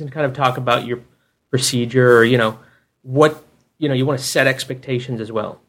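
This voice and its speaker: Male podcast co-host, measured explainer, conversational. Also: medium pitch, fairly even intonation, fairly bright tone. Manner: measured, explains step by step with fillers. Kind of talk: casual podcast chat.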